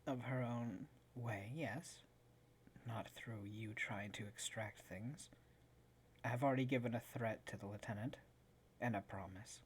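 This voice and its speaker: A player voicing a female rogue who speaks her threats in a low whisper. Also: measured pace, a little hiss or hum, natural voice. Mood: threatening.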